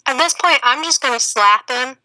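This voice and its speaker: A woman's voice: sits high, animated, normal speed, sharp tone, dry recording, rough recording. A woman playing a tabletop game, wry and laughing between her lines. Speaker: player. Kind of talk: casual tabletop play.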